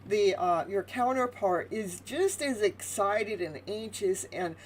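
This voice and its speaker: A woman hosting a live tarot reading, chatty and animated, laughing often as she talks to her viewers. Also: mid-range voice, slow pace, slight background noise, rough recording. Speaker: tarot reader.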